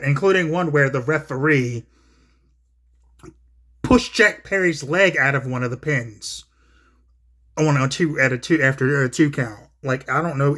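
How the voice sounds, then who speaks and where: A man's voice: on the high side, fairly bright tone. A man giving casual wrestling commentary, rambling and profane with many fillers.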